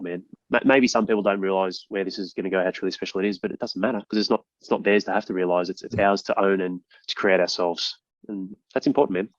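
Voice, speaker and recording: Aussie bloke hosting a podcast, talks super fast and swears a lot, dry dull sound. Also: male voice, low-pitched, no echo. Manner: rapid, sweary and emphatic, with many restarts. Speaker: podcast host. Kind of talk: casual podcast interview.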